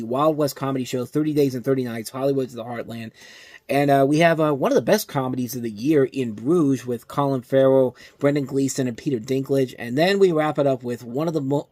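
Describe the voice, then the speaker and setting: A man's voice: mid-range voice, no echo, clean studio sound. A man hosting a movie review show, ranting with exasperation and often restarting his sentences. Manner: animated ranting, exasperated, self-interrupting. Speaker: film review show host. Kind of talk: casual movie review monologue.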